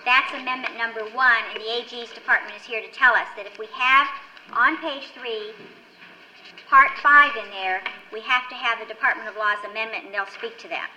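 A middle-aged woman chairing a legislative committee hearing, brisk and directive as she runs the meeting. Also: fairly high pitch, fairly even intonation, bright, forceful tone, a little hiss or hum, low-quality recording.

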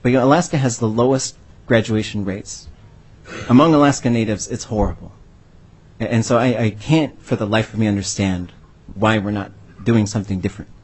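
Husky low-voiced man telling a story. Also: brisk, a little mellow. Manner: earnest, heartfelt storytelling. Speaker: language educator on a panel. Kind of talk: storytelling answer in a panel discussion.

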